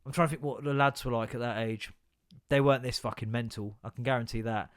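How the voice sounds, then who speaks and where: A man's voice: medium pitch, steady tone, fast talker. A man, hosting a solo podcast, chatting casually, swearing a lot and laughing often as he jumps from rant to rant. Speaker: podcast host.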